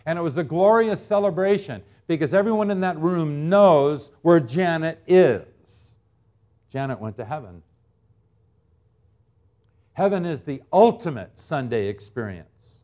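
A man in his fifties preaching a sermon as pastor, swinging between loud emphatic lines and quiet ones, stretching out key words. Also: fairly high pitch, animated. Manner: drawn-out, deliberate phrasing on key words.

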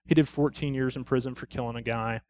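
A middle-aged male police officer shares a testimony at a church study, narrating his calls in a plain, conversational way. He quotes the people he met and lands on blunt, preachy conclusions, in a voice of ordinary middle pitch. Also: steady tone, quick pace, a little mellow. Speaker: lay speaker at a church study. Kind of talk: personal testimony in a church talk.

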